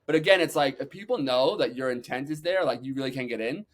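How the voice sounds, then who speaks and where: A man guest on a podcast, telling energetic stories with loose swearing and many "like"s. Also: medium pitch. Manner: energetic, acts out quotes, talks fast with many "like"s. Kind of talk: animated storytelling, casual swearing.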